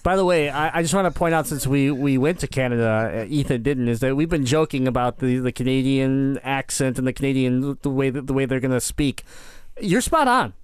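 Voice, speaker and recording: A man co-hosting a podcast in casual chat, telling trip stories excitedly and laughing often. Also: medium pitch, fairly quick, hardly any pauses, smooth, dry recording. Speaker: podcast co-host.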